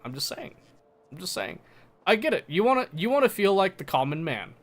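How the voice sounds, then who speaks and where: A man's voice: high voice, very animated, brisk. A young American man chatting casually on a livestream, laughing often and answering chat. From United States.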